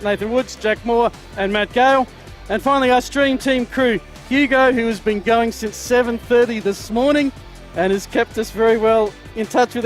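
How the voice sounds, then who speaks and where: A man calling a local football broadcast as play-by-play commentator, speaking in a measured way. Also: very high-pitched. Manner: measured, listing thank-yous.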